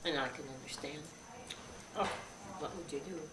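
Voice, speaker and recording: A woman's voice: deep voice, moderate pace. An older woman being interviewed, telling a childhood story and acting out the voices of the people in it. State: frog in her throat, coughing. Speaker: interview guest. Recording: roomy, distant, noisy 2001 tape.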